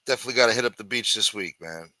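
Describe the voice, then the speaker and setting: A man hosting a casual livestream, greeting viewers with loud mock-preacher calls, crude banter and sing-song asides. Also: lowish voice, racing, no echo. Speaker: livestream host. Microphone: desk microphone.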